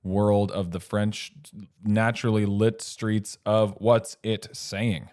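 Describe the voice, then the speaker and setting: Rambling low-voiced man chatting about a film. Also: level tone, takes it slowly. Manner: rambling, self-interrupting, chuckling asides. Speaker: podcast co-host. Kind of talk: casual film discussion.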